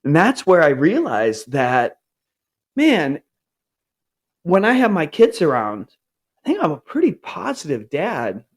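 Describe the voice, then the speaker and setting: A man in his forties telling a candid personal story in an earnest way, and he acts out his upbeat self-talk in a higher voice. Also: huge pitch swings, a little slow, pauses often, slightly rough.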